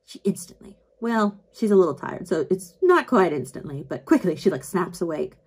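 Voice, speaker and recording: A woman's voice: on the low side, big pitch swings, moderate pace, darkish tone, breathy edge. A woman chatting casually through a book recap while doing her makeup, filling every line with "like" and acting out quotes. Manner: chatty, filler-heavy, acts out quotes. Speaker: book vlogger.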